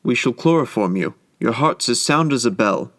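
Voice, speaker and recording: A man voicing a calm, reassuring male surgeon in a brisk, matter-of-fact way. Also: medium pitch, close to an everyday voice.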